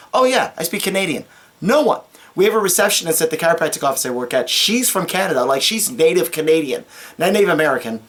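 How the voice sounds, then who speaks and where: A woman giving casual, ranting commentary on her own comedy skit, exasperated and self-critical. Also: deep voice. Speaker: commentary video creator.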